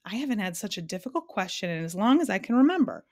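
A woman's voice: mid-range voice, very animated, quick pace. A woman reading aloud and voicing a muddled, fussy middle-aged man in a storybook.

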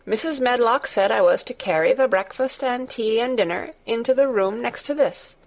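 A woman's voice: on the high side, normal speed, darkish tone, pitched above the performer's own voice, close to an everyday voice. A woman doing a blunt young Yorkshire housemaid. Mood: matter-of-fact. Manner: blunt, homely dialect with thee and thou. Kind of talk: audiobook character voice.

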